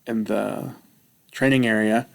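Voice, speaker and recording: A man vlogging, telling a rambling personal story with self-mocking, animated retelling. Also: fairly low pitch, slow, gravelly.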